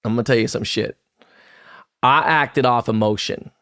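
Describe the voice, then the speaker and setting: A man's voice: mid-range voice, moderate pace, a bit bright. A man in his fifties telling a story on a podcast in casual, profane slang, acting out quoted lines. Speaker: podcast co-host.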